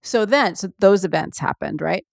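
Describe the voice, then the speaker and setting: A woman's voice: mid-range voice, lively intonation, moderate pace, gravelly, a little mellow, no room sound, studio quality. A woman hosting a solo podcast, chatting casually and rambling with many ums and asides. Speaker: podcast host.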